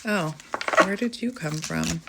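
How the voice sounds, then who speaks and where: A woman's voice: fairly low pitch, measured pace, vocal fry, heavy background noise. A woman chatting casually as she gives a tarot reading, laughing often and thinking aloud. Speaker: tarot reader.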